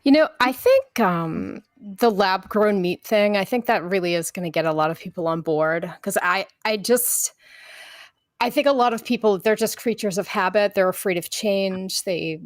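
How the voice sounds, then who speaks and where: A woman's voice: medium pitch, moderate pace, no echo. Woman on a voice call, earnest, kinda hesitant, dry sound. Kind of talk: casual group chat on a voice call.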